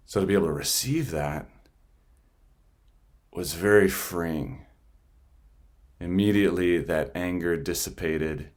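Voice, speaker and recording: A young priest preaches in a relaxed, conversational manner. His voice sits very low and steady, and he often restarts a phrase mid-sentence. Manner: plain, conversational storytelling with frequent restarts. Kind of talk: sermon.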